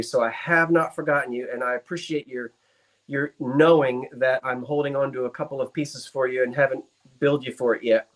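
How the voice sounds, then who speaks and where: A man hosting a live online antiques sale, chatty and genteel with theatrical asides. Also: medium pitch. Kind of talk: live auction stream.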